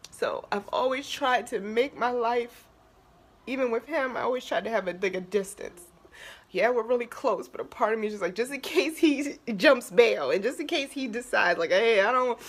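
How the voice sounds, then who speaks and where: A woman from the Baltimore area talking to camera in a personal vlog, halting and emotional, moving between laughter and tears. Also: medium pitch, husky. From Baltimore area, USA. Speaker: vlogger.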